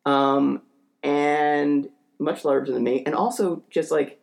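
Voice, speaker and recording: A man speaks slowly in a steady, creaky tone as he tells a rambling story on a podcast, with many fillers and restarts. He heats up into a rant along the way, acting out quotes by shouting in a higher voice.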